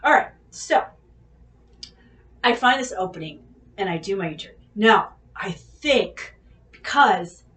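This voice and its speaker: A woman's voice: medium pitch, slow pace, pauses often. Foul-mouthed woman telling a story in an echoey room. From California Bay Area. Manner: profane, animated, addresses viewers directly. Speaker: vlog host. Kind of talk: casual storytelling. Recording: echoey room, mic at a distance.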